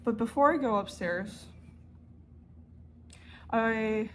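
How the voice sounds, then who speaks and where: A woman crochet vlogger telling a story to camera in a rambling, animated way, often stopping to correct herself. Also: a little high, slow, a little hiss or hum. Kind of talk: casual storytelling vlog.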